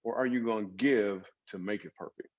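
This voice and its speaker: Husky-voiced man telling an earnest story. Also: fairly low pitch, a little fast, dull audio. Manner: earnest, dramatic storytelling with emphatic swings. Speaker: comedian and author guest. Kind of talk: storytelling interview.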